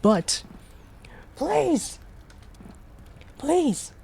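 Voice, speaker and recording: A streamer acting out a frantic young woman caught in a blaze, stammering through the game's text and leaping from strained shouts to breathy whispers. The pitch stays mid-range at rest, and a soft hiss of faint noise runs underneath. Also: unhurried, lightly acted. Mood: desperate. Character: panicked young woman trapped in a burning building. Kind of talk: dramatic reading of game text.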